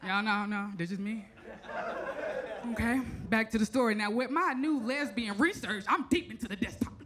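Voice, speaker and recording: A female stand-up comedian in an animated, teasing way, talking straight to the crowd. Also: fairly high pitch, moderate pace. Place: comedy stage.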